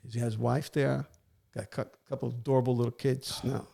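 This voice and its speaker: A man's voice: medium pitch, fast. An older man, a retired police warrant officer telling a story in a casual interview and acting out the voices of the people in it. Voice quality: gravelly. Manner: animated, acts out quoted voices.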